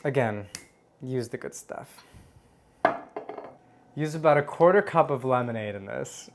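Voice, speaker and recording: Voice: mid-range voice, lively intonation, a little slow, noisy background. A host giving a casual home cocktail tutorial, chatty and playful, joking at their own expense and humming as they taste. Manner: savors tastes aloud with hums.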